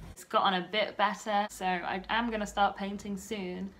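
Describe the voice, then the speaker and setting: A woman in her twenties, talking softly and a bit nervously in a personal vlog. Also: mid-range voice, fairly even intonation, moderate pace. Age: 20s. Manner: soft-spoken and nervous, often hushed. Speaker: vlogger.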